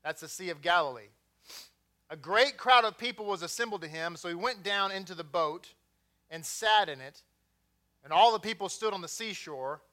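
A man's voice: high voice, lively intonation, normal speed, sharp tone. A man with a Texan accent preaching a sermon in a conversational way, with joking asides. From Texas.

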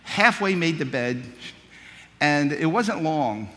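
A man's voice: a little high, animated, slow pace, pushed and bright, big-room sound. A man preaching a sermon, telling childhood stories in a folksy, humorous way. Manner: folksy storytelling, humorous asides.

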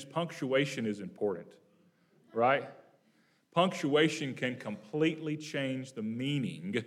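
A man preaching an evening Bible lesson, talking to the congregation in a relaxed, conversational way, asking them questions and reading verses slowly for emphasis. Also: mid-range voice. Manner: reads scripture slowly and emphatically.

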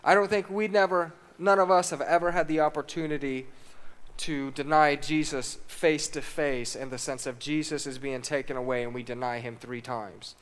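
A man's voice: fairly high pitch, fairly even intonation, normal speed, fairly bright tone, smooth. A man preaching a sermon, reading scripture aloud and putting questions to the congregation.

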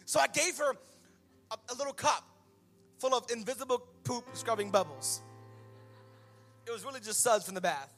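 A male pastor in his thirties preaching a sermon with stories, impassioned and swinging from loud to hushed. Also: very high-pitched, moderate pace, long pauses, faint music behind. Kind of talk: sermon with storytelling.

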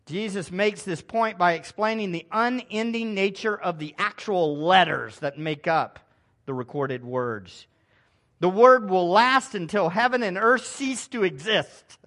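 A pastor preaching a sermon with emphasis, swinging between hushed asides and loud proclamations and calling for responses from the congregation. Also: male voice, high voice, a little slow.

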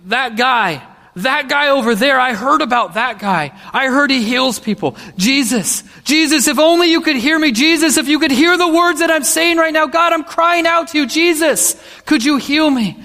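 A desperate leper cries out in a high, strained voice, pleading to be healed, as a preacher puts him on. The voice rings with a long reverb, as if heard in a large hall. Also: male voice, normal speed, bright, forceful tone, full character voice. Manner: pleading, crying out.

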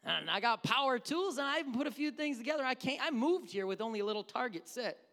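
A man's voice: extremely high pitch, lively intonation, quick pace, bright, forceful tone. A man preaching a sermon as pastor, with a conversational, joking manner and bits of mimicry. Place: church sanctuary. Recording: echoey hall.

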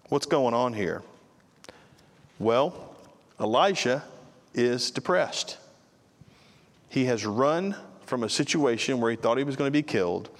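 A man's voice: medium pitch, a bit bright. A man preaching a sermon in a conversational way, with casual asides to the listeners, in a church sanctuary. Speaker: pastor. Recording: long reverb of a large hall.

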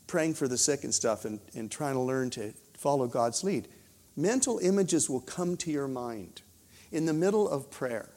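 Animated preacher, man telling a story. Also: a little high. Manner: animated storyteller, drops to a hushed voice for quoted prayers. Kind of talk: sermon with storytelling.

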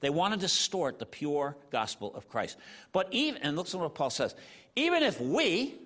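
Man, sermon, conversational and animated, very lively pitch, reverberant hall. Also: brisk. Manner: animated, conversational, with filler "you know" and "he's like". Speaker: preacher.

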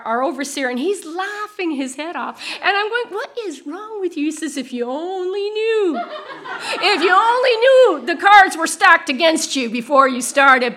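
Bright high-voiced woman preaching a sermon. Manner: animated storytelling with laughs and emphatic repetition.

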